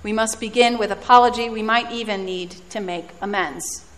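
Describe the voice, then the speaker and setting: A woman's voice: mid-range voice, moderate pace, a bit bright. Female preacher, reflective storytelling sermon with dry self-mocking humor, long hall reverb.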